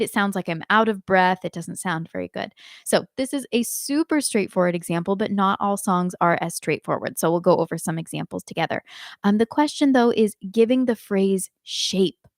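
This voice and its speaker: A woman giving a live online singing lesson, explaining clearly and demonstrating phrases by speaking and singing them. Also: mid-range voice, no echo, studio quality. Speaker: singing teacher.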